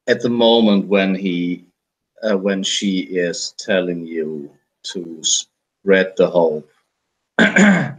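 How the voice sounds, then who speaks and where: A man's voice: low-pitched, lively intonation, very slow, long pauses, low-quality recording. A man narrating in a tabletop story game, hesitant and searching for words. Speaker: player.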